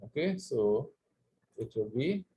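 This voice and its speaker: A man's voice: medium pitch, expressive, slow, warm tone. A man teaching an Arabic lesson, explaining verb forms in English and having students repeat after him. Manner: patient, repeats words for students to echo. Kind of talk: classroom language lesson.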